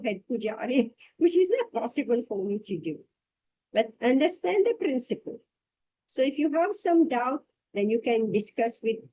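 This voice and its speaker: A woman with a fairly high but mellow, warm voice leads a scripture class. She reads passages aloud and then talks them through in a reflective way, circling back to repeat key phrases. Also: poor audio. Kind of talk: scripture reading and discussion.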